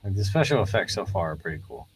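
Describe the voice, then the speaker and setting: Male co-host with a low, husky voice, laid-back, drops short comments and jokes. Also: big pitch swings, fast talker, low-quality recording. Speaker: podcast co-host. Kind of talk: casual movie review chat.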